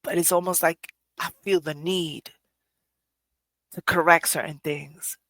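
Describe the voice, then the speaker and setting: Earnest low-voiced woman, candid talk. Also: steady tone, measured pace, fairly bright tone, dry recording. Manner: earnest, candid, laughs at herself. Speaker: podcast host. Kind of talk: reflective personal talk.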